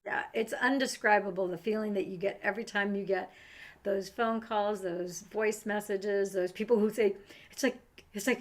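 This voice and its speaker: A woman's voice: medium pitch, steady tone, moderate pace. A woman in casual conversation, responding with effusive affirmations. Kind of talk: casual chat.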